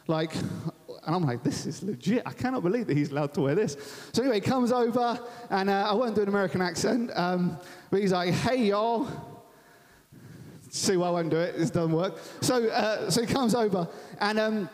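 A man's voice: fairly high pitch, a little mellow. A young man from Kent, preaching a sermon in a large church venue and telling stories in a chatty, self-deprecating way. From Thanet, Kent, England. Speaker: guest preacher. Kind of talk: sermon with personal storytelling. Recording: long reverb of a church hall.

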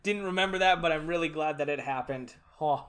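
A man co-hosting a casual podcast chat, excitable, swearing and laughing often. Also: a little high, brisk. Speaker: podcast co-host.

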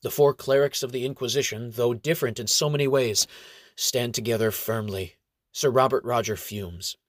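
A man narrating a fantasy tale in a steady, even storytelling voice, with a mid-range pitch. The sound is dry and close, with no room echo. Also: moderate pace.

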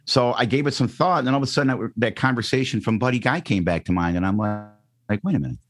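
A man's voice: medium pitch, fast. A middle-aged man from the Chicago area, a radio DJ telling a story in a casual interview, acting out quotes with lots of ums and restarts. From Chicago area, Northwest Indiana. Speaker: radio DJ guest.

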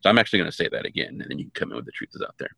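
A man's voice: extremely low pitch, very animated, rapid-fire, creaky, pushed and bright, breathy edge, no room sound, studio quality. A man co-hosting a podcast, chatting casually and joking through retakes, often stammering and restarting. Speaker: podcast co-host. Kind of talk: casual outtake banter.

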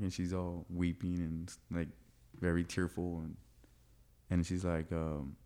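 A man's voice: deep voice, little pitch movement, a little slow, warm tone. A young man in casual conversation, animatedly telling a personal story, laughing often and acting out what people said.

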